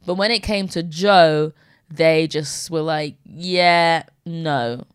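A woman's voice: low-pitched, fairly even intonation, slow pace, clear, resonant tone, dry recording, clean studio sound. A young woman co-hosting a podcast, chatting casually and bluntly, swearing freely and trailing off into fillers. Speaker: podcast co-host. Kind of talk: casual chat.

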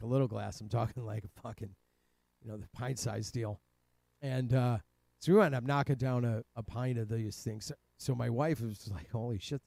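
A man's voice: medium pitch, creaky, darkish tone, dry recording. A man from Cleveland telling a rambling, profane personal story in a casual way, laughing often. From Cleveland, Ohio. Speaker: guest telling his life story.

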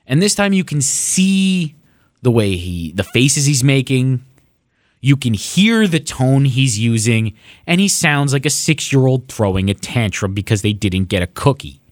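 With a sing-song, medium-pitched delivery that's a touch slow, a young sports podcast co-host rants sarcastically and curses more as he gets worked up. There's no echo on the recording.

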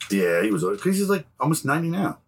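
A man's voice: a little high, big pitch swings, quick pace, a little hiss or hum. A man co-hosting a podcast, trading profane jokes in casual chat about an old movie. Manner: profane, joking banter. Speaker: podcast co-host.

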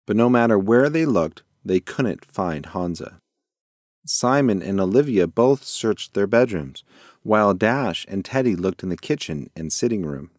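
A man reading a children's bedtime story aloud in a gentle, lively storytelling way. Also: lowish voice, no echo, clean studio sound. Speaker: narrator.

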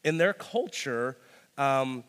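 A man's voice: mid-range voice, lively intonation, takes it slowly, fairly bright tone, clean tone, big-room sound. A man preaching a sermon as a pastor, talking in a loose conversational way full of "like". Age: young adult to middle-aged, a parent. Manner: conversational, peppered with "like".

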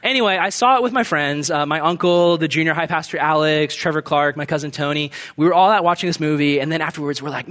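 High-voiced young pastor preaching conversationally. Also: male voice, fast talker, hardly any pauses, fairly bright tone. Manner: conversational storytelling preaching, acts out quotes. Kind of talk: sermon.

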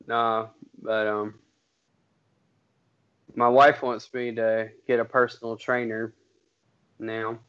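A man, chatting on a podcast at a slow, relaxed pace. His voice sits in a middle pitch and he talks in an easygoing, chuckling way. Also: clear, resonant tone, lo-fi sound. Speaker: podcast co-host. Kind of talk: casual chat.

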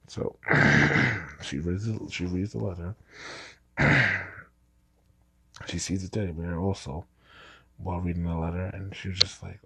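A man's voice: low voice, moderate pace, creaky, long pauses, pushed and bright, husky. A man casually telling a personal story, rambling and restarting his sentences. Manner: rambling, repeats himself with false starts.

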